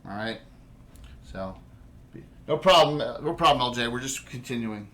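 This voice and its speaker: A man's voice: mid-range voice, animated, moderate pace, fairly bright tone. A man with a New Jersey accent running a tabletop game as game master, rambling with many restarts.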